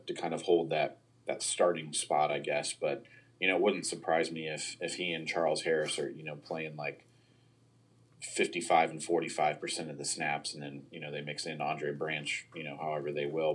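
Very deep, husky-voiced male analyst. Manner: hesitant, many fillers and restarts. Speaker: podcast co-host analyst. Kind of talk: casual sports podcast chat.

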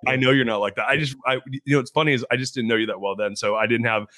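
A man's voice: mid-range voice, steady tone, racing, a loud crowd. A man hosting a podcast, talking casually and enthusiastically with plenty of slang and swearing. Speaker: podcast host and author.

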